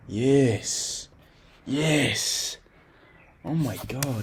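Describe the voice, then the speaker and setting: A young man hosting his own podcast in loose solo chat, excitable and profane, jumping between loud outbursts and hushed whispers. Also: medium pitch, very slow, long pauses, noisy background. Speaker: podcast host.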